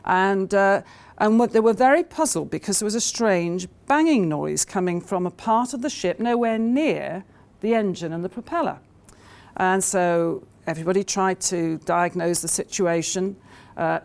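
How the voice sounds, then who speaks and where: A woman's voice: medium pitch, gravelly, darkish tone. A woman giving a conference talk, telling anecdotes with many hesitations and fillers. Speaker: conference speaker.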